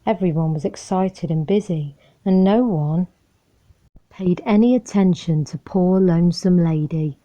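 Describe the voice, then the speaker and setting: A woman reading a children's storybook aloud in a calm, measured and friendly way. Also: fairly low pitch. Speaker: storybook reader. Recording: muffled lo-fi recording.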